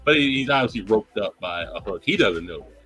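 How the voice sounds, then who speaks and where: Bright-voiced man cursing casually. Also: lowish voice, a little fast, slightly rough, faint music behind. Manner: profane, animated retelling. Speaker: podcast co-host. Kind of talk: casual anime review chat.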